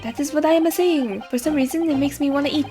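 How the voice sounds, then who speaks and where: A woman's voice: high voice, fast talker, voice pushed up, close to an everyday voice. A woman voicing a flamboyant, haughty French man with a put-on French accent. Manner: theatrical, haughty. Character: flamboyant French man with fiery red hair. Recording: game music playing behind.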